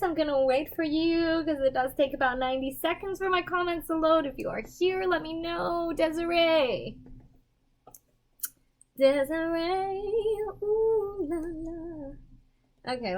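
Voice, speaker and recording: Goofy young woman medium on a casual livestream, high-pitched, rambling, quick to laugh. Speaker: medium giving livestream readings.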